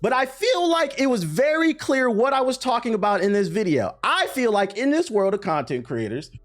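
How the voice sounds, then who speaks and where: A man's voice: very high-pitched, moderate pace. A young man giving profane, emphatic commentary as a streamer reacting to a critic. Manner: animated, profane, emphatic ranting.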